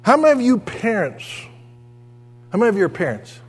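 Older male pastor, high voice, folksy preacher in a reverberant church hall. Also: brisk, husky. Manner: folksy storytelling, animated asides. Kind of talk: sermon. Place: church sanctuary.

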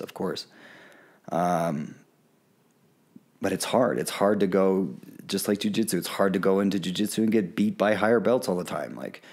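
A male podcast guest who works as a plant medicine guide tells stories casually in an interview. His very low voice carries a candid, earnest manner, and he acts out the voices of the people he quotes.

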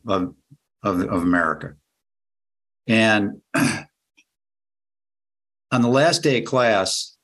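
A man, a guest on a podcast, talking in a halting way that repeats words as he starts a point. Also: fairly low pitch, a bit bright. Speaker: guest, somatic educator. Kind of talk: casual conversation.

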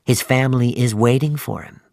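A man voicing an earnest, quiet first mate on a whaling ship in an audiobook. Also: medium pitch, fairly quick, creaky, dry recording, clean studio sound, natural voice. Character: worried male first mate, steady.

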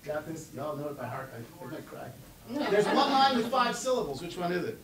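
A man giving a lively conference lecture, reciting poems aloud and quizzing the audience. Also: fairly high pitch, brisk, a loud crowd. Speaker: conference speaker. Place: conference hall. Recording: echoey hall from far off.

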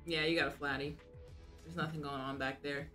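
Bright-voiced teasing young woman. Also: sits low, steady tone, a little fast, faint music behind. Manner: teasing, chatty. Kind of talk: casual chat.

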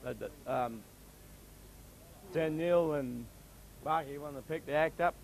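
A man co-commentating a local rugby league match in a rambling, halting way, full of fillers. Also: a little high.

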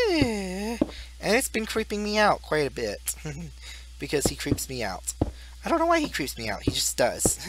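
Young male gaming YouTuber, slow and singsong, giggly, rambling commentary over faint noise. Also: on the high side. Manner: rambling, goofy, laughs at his own jokes. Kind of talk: casual Let's Play commentary.

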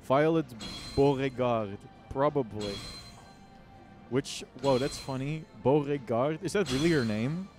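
A man's voice: mid-range voice, animated, unhurried, darkish tone. A man chatting casually while streaming a game, goofy and self-mocking, sometimes humming to himself. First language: Dutch. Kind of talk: casual let's-play chat. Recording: game music playing behind.

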